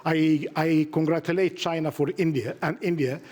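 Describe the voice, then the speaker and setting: A man moderates a conference panel with a voice a little higher than most. He talks hurriedly and works through his points as quick lists. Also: steady tone, darkish tone.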